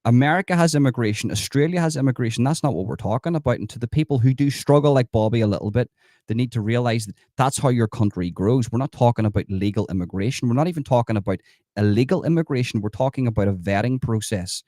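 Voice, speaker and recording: A man's voice: medium pitch, quick pace, mellow, dry recording, clean studio sound. An Irish man hosting a livestream, talking emphatically to his viewers and reading out the chat, with plenty of repetition. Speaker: livestream host.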